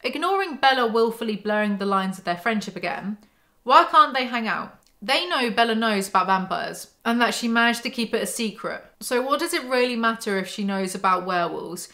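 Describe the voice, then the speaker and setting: A woman's voice: on the high side, animated, moderate pace, bright, forceful tone. A young woman hosting a book commentary vlog, reading passages aloud and breaking in with sarcastic, exasperated asides.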